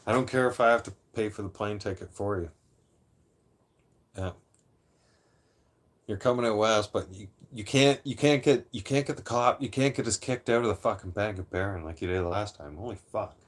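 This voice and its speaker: A man's voice: fairly low pitch, normal speed. Man, late thirties, rambling storyteller, swears a lot, restarts phrases. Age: 30s; late 30s. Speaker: livestream host. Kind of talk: casual storytelling to a live chat.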